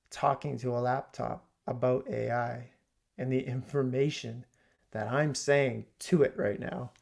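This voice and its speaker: A man telling a comic story as a rant from his home basement, swinging from loud exclamations to hushed asides. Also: mid-range voice, vocal fry. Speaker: comedic ranter. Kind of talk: comedic rant.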